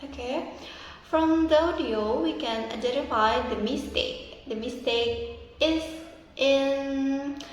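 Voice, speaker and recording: A woman with an Indonesian accent presents a class assignment, slowly modeling the pronunciation of words and repeating each one. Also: high voice. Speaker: student. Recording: echoey room with long reverb.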